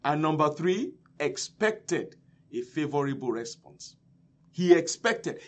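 A male preacher delivering a sermon, emphatic and repetitive, swinging between loud and soft. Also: fairly high pitch, lively intonation, measured pace.

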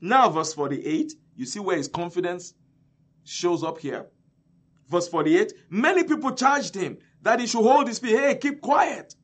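A male preacher delivering a sermon, emphatic and repetitive, swinging between loud and soft. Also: sits high, expressive, unhurried.

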